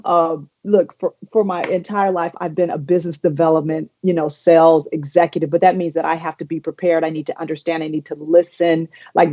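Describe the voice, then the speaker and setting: A woman's voice: on the low side, dark tone. A woman hosting an interview over a video call, enthusiastic and affirming, often restarting her sentences. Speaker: interview host. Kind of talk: conversational interview.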